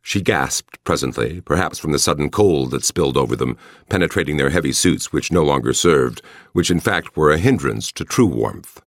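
Very deep-voiced male audiobook narrator. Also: expressive, normal speed, few pauses, dry recording, clean studio sound. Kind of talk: scripted narration.

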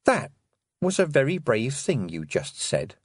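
A man voicing a calm, firm young girl witch who speaks in a measured way. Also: medium pitch, breathy edge, dry recording, studio quality, voice pushed up, full character voice.

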